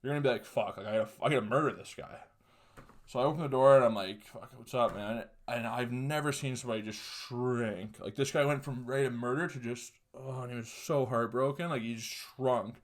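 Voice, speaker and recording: A young man hosts a solo podcast, telling a story casually while swearing constantly and laughing mid-sentence. His voice is mid-range and a little fast.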